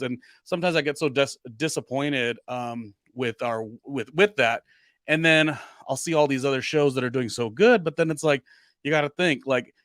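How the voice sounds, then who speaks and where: A man co-hosting a podcast chats casually, rambling with fillers and restarts. His mid-range voice is a bit bright, captured with clean studio sound and no echo.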